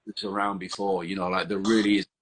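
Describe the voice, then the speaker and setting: A man's voice: low-pitched, little pitch movement, quick pace, noisy background. A man in a band, talking enthusiastically and repetitively as an interview guest. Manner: enthusiastic, repetitive, lots of "you know". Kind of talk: casual interview chat.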